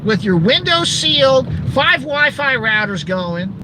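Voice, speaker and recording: A middle-aged man hosting his own channel, ranting in an animated, sarcastic monologue with shouted outbursts. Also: very high voice, measured pace, background noise. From Southern California. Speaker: channel host.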